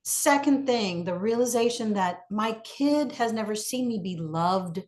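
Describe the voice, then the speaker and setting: A woman's voice: mid-range voice, animated, unhurried, a little mellow. Woman guest chatting, candid, dry humor, kinda reflective. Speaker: guest author. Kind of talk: casual chat.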